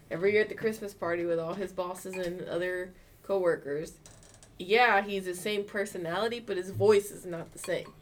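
A woman's voice: lowish voice, a little hiss or hum. A woman on a casual podcast, teasing and telling stories about a friend in a playful way.

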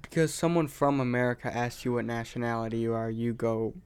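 A man's voice: mid-range voice, a little fast, a little mellow, clear, resonant tone. A man co-hosting a podcast, chatting in a laid-back way with short replies and many "like"s. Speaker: podcast co-host. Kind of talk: casual chat.

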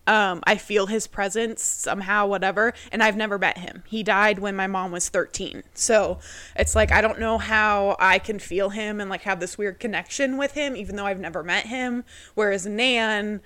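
A woman's voice: mid-range voice, normal speed, sharp tone, dry recording. Young woman, podcast co-host, casual rambling storytelling, mid-range voice, dry close sound. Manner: rambling, heavy on fillers, acts out quoted family voices.

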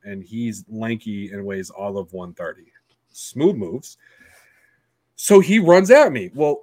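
A man's voice: lowish voice, no echo. A man telling a story in a casual podcast chat, blunt and profane, acting out the lines of everyone in it. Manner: acts out quoted dialogue. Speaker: podcast guest.

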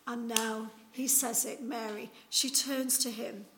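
A woman's voice: a little high, steady tone, measured pace, background noise. A woman preaching an informal Easter sermon, retelling the story in a chatty way with many fillers.

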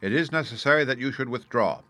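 An adult man voicing a soft-spoken, precise and menacing older criminal mastermind in an audiobook reading. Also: medium pitch, fast talker, no echo, lightly acted.

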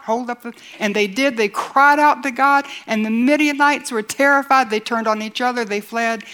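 Woman preacher, slightly higher voice, earnest sermon delivery that builds with repetition and drops to near-whispers. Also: fairly bright tone. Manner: builds with repetition and rising lines.

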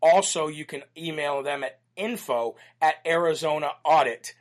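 A man's voice: a little high, moderate pace. An American man hosting a talk show, reading listener letters and talking in a brash, emphatic, preachy way. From United States. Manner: reads listener letters aloud. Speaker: host.

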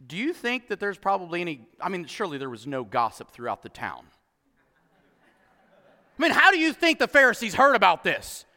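A male pastor preaching an animated sermon, acting out voices and laughing often. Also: high voice, a little fast, long reverb tail.

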